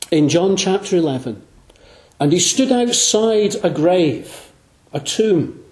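A man preaching an evangelistic sermon in a church, earnest, slowing down and dropping his voice low on the key phrases. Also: a little mellow. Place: church room. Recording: echoey room.

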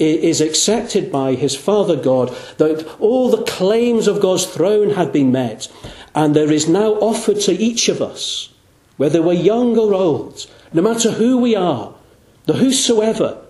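A man preaching in a meeting hall, his fairly high voice ringing around a roomy, echoing space. He speaks earnestly and with emphasis. He slows down and sinks low on the key words. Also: a little mellow. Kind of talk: sermon.

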